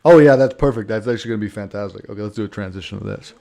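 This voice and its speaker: A man's voice: fairly low pitch, racing, gravelly, mellow. A man streaming a video game, rambling and joking in casual commentary, swearing freely and calling people man. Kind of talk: casual let's-play commentary.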